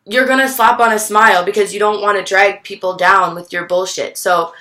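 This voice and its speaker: A young woman vlogger telling a personal story to the camera, candid and halting, swearing freely. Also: medium pitch, fairly even intonation, sharp tone.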